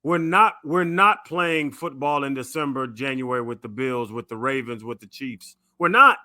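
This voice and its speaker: This sports radio co-host has a medium-pitched voice that sounds pushed and bright, captured on a studio microphone with no room sound. He argues his opinions during a relaxed debate and fires off lists of names rapidly.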